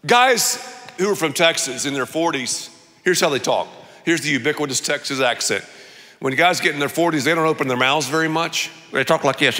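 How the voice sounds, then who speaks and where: Animated pastor in a reverberant hall. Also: male voice, fairly high pitch, normal speed. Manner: animated, jokey, acts out voices. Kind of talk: sermon with storytelling.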